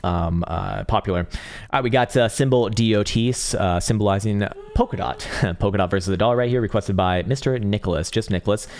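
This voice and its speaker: A man's voice: fairly low pitch, a little fast, darkish tone. A young man hosting a crypto trading livestream, reading chat and reacting in a rambling, profane way, laughing often and hunting for words. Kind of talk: casual livestream chart talk and chat replies.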